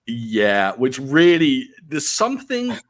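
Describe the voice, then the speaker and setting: A man's voice: medium pitch, wildly swooping pitch, slow pace. A British man in his forties, hosting an interview in a chatty, self-deprecating way, restarting his sentences as he talks. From United Kingdom. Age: 40s. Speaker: podcast host. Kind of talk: casual interview chat.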